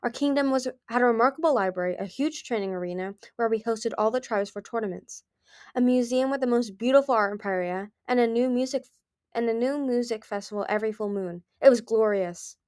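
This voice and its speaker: A woman's voice: a little high, fairly quick, a little mellow, no echo, clean studio sound, pitched above the performer's own voice, close to an everyday voice. Brief: ancient male dragon, proud and charming, voiced by a woman reader. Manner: proud, easygoing, smooth-talking.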